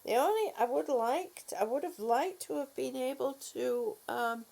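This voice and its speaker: A woman's voice: high voice, unhurried, vocal fry, warm tone. A woman vlogger in a casual morning chat, affectionately greeting viewers and fussing over her dog.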